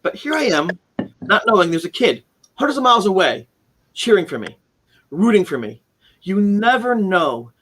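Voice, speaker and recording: A man in his forties, author of a haunting memoir, is the guest on a casual live-stream interview, speaking in a high, husky, fairly bright voice with big pitch swings. He goes at a moderate pace with long pauses, telling his story earnestly and ramblingly, restarting often. He's indoors at home with keepsakes around him, connected by video call.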